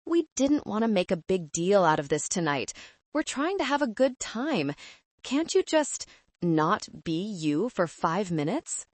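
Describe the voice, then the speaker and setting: A woman's voice: mid-range voice, sing-song, unhurried, dry recording. A woman voicing a scornful young bride-to-be who talks down to people in a sneering, condescending way.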